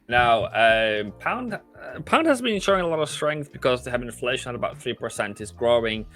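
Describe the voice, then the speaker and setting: A man's voice: medium pitch, animated, moderate pace, hardly any pauses, a bit bright, faint music behind. A man, a guest analyst, talking casually about currency trades with frequent hesitations. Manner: hesitant, lots of fillers. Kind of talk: casual market discussion.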